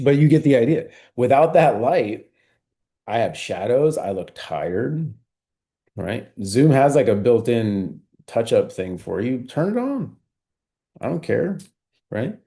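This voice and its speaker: A man coaching a team on recruiting appointments over a video call, talking at a measured, steady pace and often tagging his points with "right?". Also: lowish voice. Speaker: sales trainer.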